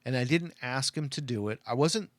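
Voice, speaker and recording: A man's voice: mid-range voice, a little fast, no room sound. A middle-aged man from Arizona telling a personal story in a casual, rambling way, choked up and full of "like" and "you know". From Arizona, USA. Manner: rambling, heartfelt, lots of "like" and "you know" fillers.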